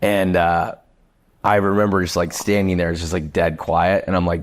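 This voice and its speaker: A chef telling a kitchen story in casual, animated talk, swearing freely and using lots of fillers. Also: male voice, low-pitched, normal speed.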